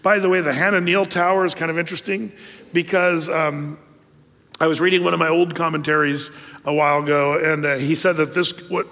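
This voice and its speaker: A male pastor delivers a sermon in a relaxed, conversational manner, full of fillers and side remarks. His voice sits a little high for a man. The sound carries a long reverb, as in a church hall. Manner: conversational, many fillers and asides.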